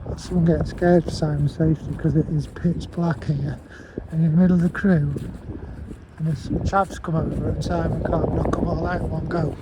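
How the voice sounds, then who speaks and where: A man's voice: fairly high pitch, little pitch movement, normal speed. A man rambling and swearing as he vlogs outdoors in a park at night, laughing often. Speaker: paranormal vlogger. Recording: heavy wind noise on mic outdoors.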